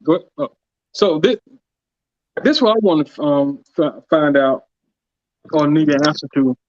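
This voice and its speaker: A man co-hosting a casual podcast, speaking haltingly with many restarts as he questions a point. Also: on the high side, expressive, darkish tone, no room sound. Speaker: podcast co-host. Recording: dry, dull lo-fi sound.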